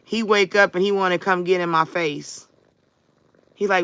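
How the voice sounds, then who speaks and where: Chatty lady doing a live tarot stream, smooth clear voice, totally dry no room sound. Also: fairly low pitch, fairly even intonation, normal speed, bright, forceful tone, no room sound. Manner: chatty, greets and answers commenters by name. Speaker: tarot reader and livestream host. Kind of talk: casual livestream chat.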